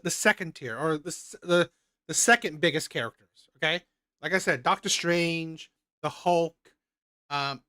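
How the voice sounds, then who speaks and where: A man's voice: sits high, a bit bright, dry recording, studio quality. A man chatting casually, rambling and hesitant, often restarting his sentences. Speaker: co-host. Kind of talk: casual opinion chat.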